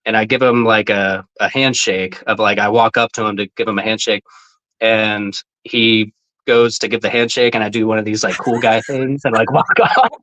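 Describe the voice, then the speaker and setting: A man telling a story on a podcast in a casual, animated way. He swears freely, laughs often and jumps up in pitch when he quotes people. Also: normal speed, poor audio. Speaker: podcast guest, former team mascot.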